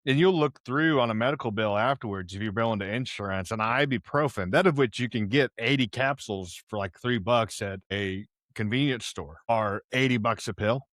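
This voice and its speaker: A young man from Houston, Texas hosts a podcast, telling a casual, rambling story full of slang. He's partly deaf in one ear and wears headphones with a close mic. His medium-pitched, slightly bright voice moves fairly quickly with few pauses, recorded clean in a studio without echo.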